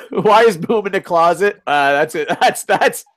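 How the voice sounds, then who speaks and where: A man's voice: high-pitched, lively intonation, unhurried, fairly bright tone. A man hosting a casual live stream, reading chat, swearing and ranting, laughing often. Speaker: host.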